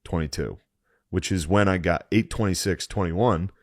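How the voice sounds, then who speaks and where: Deep-voiced guy on a podcast mic griping and laughing thru a story, swears a lot, dry close sound. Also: moderate pace, dry recording. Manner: profane, animated griping with laughs. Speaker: podcast co-host. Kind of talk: casual storytelling chat.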